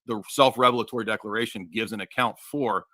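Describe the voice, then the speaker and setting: A man arguing his side in a formal debate, talking rapidly and assertively. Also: fairly low pitch, steady tone, bright, forceful tone, no echo.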